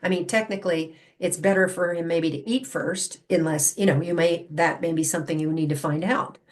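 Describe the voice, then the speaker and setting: A woman's voice: lowish voice, fairly quick. A woman explaining how dogs read people, in a conversational style. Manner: acts out dog and owner voices, animated. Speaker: animal communication guest.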